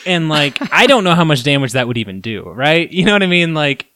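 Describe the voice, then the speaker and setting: A man hosting a casual podcast, telling a story in an animated way and acting out his own shouts. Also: fairly high pitch, fairly quick, slight background noise. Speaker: podcast host.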